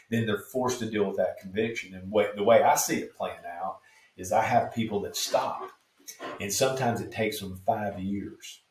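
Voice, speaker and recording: Deep-voiced man, roomy and off mic. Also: far from the mic. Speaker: guest, street preacher. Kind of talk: earnest interview answers. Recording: echoey room, off mic.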